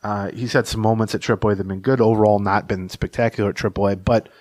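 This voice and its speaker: A man's voice: fairly low pitch, fairly even intonation, quick pace, a little mellow, no room sound, clean studio sound. A man co-hosting a casual sports podcast, telling long anecdotes in a rambling, storytelling way. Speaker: podcast co-host and beat reporter.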